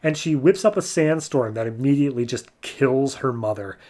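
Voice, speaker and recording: A man casually recapping a comic book on a podcast. He jumps into higher voices for the characters' lines. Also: moderate pace, mellow. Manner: retells scenes in voices, jumping higher for quotes. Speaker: podcast host.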